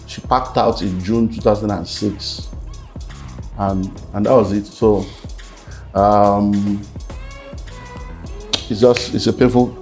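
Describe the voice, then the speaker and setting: A man's voice: lowish voice, fairly even intonation, takes it slowly, pauses often, darkish tone, faint music behind. A middle-aged Nigerian man with a Nigerian accent, a guest in an interview, telling of his divorce with emotion and slipping into pidgin. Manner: emotional storytelling, mixing in pidgin. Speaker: guest speaker. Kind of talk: candid interview about divorce.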